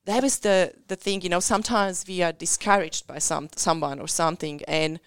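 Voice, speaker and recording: A woman's voice: lowish voice, fairly even intonation, normal speed, clean tone, no room sound, studio quality. A woman in her thirties with a Central European accent, a business coach telling her story earnestly in an interview and acting out what people said. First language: Central European language. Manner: earnest storytelling with acted-out quotes.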